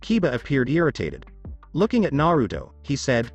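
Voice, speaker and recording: A man's voice: medium pitch, wildly swooping pitch, normal speed, faint music behind. A man reading a story as scripted narration, with small shifts of voice for quoted children.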